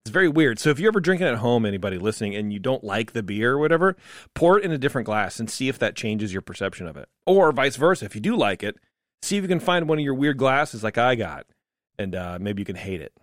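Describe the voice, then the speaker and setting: A man's voice: medium pitch, sing-song, fast, dry recording, studio quality. A man co-hosting a casual beer-tasting podcast, rambling and joking, often breaking off mid-thought. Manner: rambling, self-interrupting, joking. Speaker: podcast co-host.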